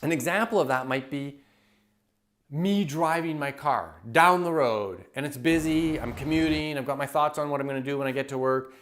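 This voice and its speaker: Enthusiastic man, a touch high-pitched. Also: normal speed. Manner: enthusiastic, animated storyteller who acts out everyday scenes. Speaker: happiness coach and public speaker. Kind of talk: motivational teaching talk to camera.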